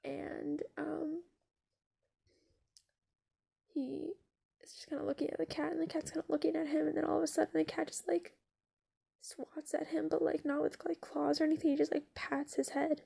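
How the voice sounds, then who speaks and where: A woman spins an improvised story in a loose, rambling way, peppered with fillers and curse words. Her voice sits high with a mellow, dark tone and a strong gravelly fry. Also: level tone, fairly quick. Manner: rambling, filler-heavy, swearing, giggly.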